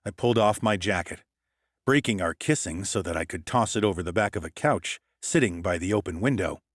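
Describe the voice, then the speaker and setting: A man's voice: deep voice, expressive, fairly quick, no room sound. A man reading a first-person story as an audiobook narrator, in a cool, matter-of-fact delivery on a close mic.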